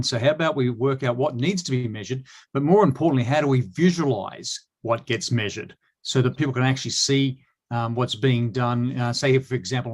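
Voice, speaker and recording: A man with an Australian accent, talking as a guest in a casual online interview, with many fillers and restarts. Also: medium pitch.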